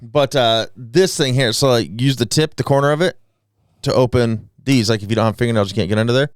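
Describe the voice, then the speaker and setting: A young man co-hosting a podcast, easygoing and quick to laugh, sometimes reading facts aloud. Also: medium pitch, smooth, dry recording, clean studio sound. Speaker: podcast co-host. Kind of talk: casual chat.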